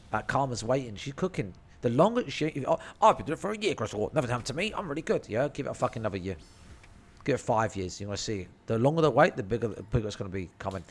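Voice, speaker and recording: A man's voice: mid-range voice, slight background noise. A man telling a rambling, slang-filled story and swearing freely. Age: 30s. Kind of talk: casual storytelling.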